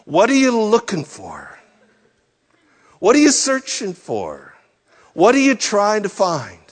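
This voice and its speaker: A man delivers a sermon as pastor, in a fairly high voice. He speaks slowly and deliberately, piling up rhetorical questions and letting his phrases drop low at the ends. His voice carries a long reverb, as in a large church sanctuary. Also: huge pitch swings.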